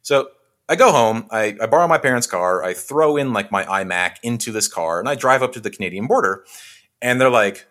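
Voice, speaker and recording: A young man from Western Washington, a film editor, telling a story in a casual interview, full of "likes" and quick restarts, acting out the people he quotes. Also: mid-range voice. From Western Washington, USA. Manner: animated storyteller who acts out quoted exchanges; frequent likes and self-restarts.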